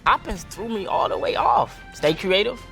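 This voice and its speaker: A man's voice: sits high, sing-song, moderate pace, creaky. Blunt man judging food over music. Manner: blunt, matter-of-fact verdicts. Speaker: food taster on a cooking show. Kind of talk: casual food critique.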